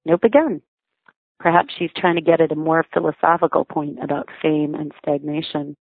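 Brief: woman, low voice, wry memoir reading, thin phone-like dry sound. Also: normal speed, no echo. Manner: wry, reflective storytelling. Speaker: memoir narrator, mother.

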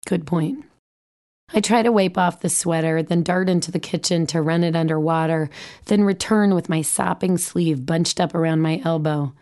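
Woman, 40s, memoir reading, wry, self-deprecating, lowish voice. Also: moderate pace, darkish tone. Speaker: memoir narrator, mother. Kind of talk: audiobook memoir narration.

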